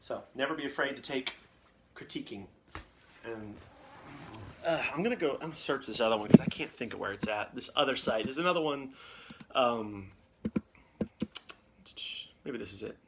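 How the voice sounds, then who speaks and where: A man's voice: medium pitch, moderate pace, long pauses, noisy background. A man hosting a live Q&A, giving casual advice in a plain, everyday voice that he calls nerdy. He rambles candidly and often restarts his sentences.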